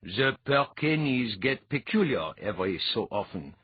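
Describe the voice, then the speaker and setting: A man voicing a practical nobleman who speaks in a measured, wry way. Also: mid-range voice, very animated, slightly rough, dry recording, pitched above the performer's own voice. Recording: dull lo-fi audiobook recording.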